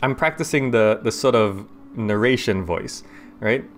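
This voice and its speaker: A man casually commenting as he plays a city-building game, chatty and quick to laugh, recorded on a desk microphone at home. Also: mid-range voice. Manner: chatty, laughs often, talks through his thoughts aloud. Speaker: gaming YouTuber. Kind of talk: casual let's-play commentary.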